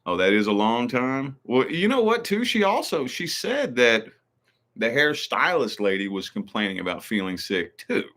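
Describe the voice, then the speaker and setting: A man hosting a casual stream, telling stories in a rambling, profane, animated way. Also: mid-range voice, moderate pace. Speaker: channel host. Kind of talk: casual livestream chat.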